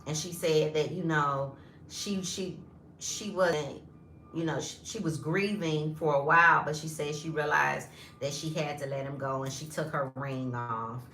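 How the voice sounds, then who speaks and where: A woman in her fifties telling viewers a story in a casual, animated vlog, often calling them y'all. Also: sits low, a little slow, reverberant, soft background music. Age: 50s. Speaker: lifestyle vlogger.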